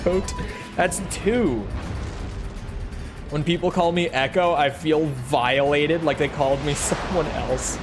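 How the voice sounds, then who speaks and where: Gaming streamer, man, slightly high voice, unhurried rambling chatter, cusses, game music behind. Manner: rambling, swears freely, talks to chat. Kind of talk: casual chat while livestreaming a flight game. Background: game music and jet engine sounds.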